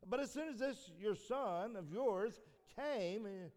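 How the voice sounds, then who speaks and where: A man delivers a sermon in a church hall, and his voice rings with a long echo. His pitch sits a little high for a man. He restarts and repeats phrases, builds to emphatic peaks, then drops low and soft. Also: expressive, slow pace. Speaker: preacher.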